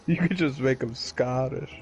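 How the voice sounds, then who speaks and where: Gravelly young man running a tabletop game. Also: mid-range voice, normal speed, slight background noise. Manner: joking, chatty, many fillers. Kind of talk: casual chat among tabletop players.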